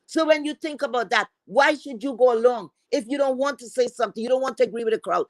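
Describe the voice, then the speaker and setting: A woman's voice: a little high, quick pace, no echo, poor audio. A woman commentator on a livestream, ranting in a blunt, profane, scolding way. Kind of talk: heated commentary rant.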